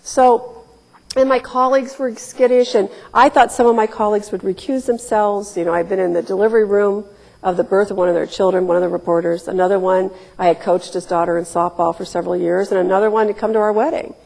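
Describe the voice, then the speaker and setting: A woman's voice: medium pitch, steady tone, a little fast, creaky, darkish tone. A woman in her forties from Ohio, telling candid, wry stories at a public talk. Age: 40s. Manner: candid, wry storytelling with emphatic quoted asides. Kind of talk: storytelling talk. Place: lecture hall. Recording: reverberant lecture hall.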